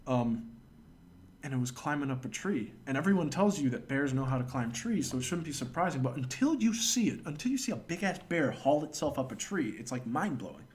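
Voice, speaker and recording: A man's voice: medium pitch, very animated, fairly quick, darkish tone. A man streaming live and telling a rambling, profane anecdote, stopping to thank viewers. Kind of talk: casual storytelling on a livestream.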